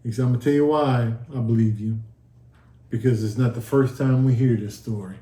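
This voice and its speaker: A man speaking a little fast in a warm, steady, mid-range voice tells a casual sit-down chat about his near-death experience. His storytelling is earnest, with the dialogue acted out, and the room sounds echoey.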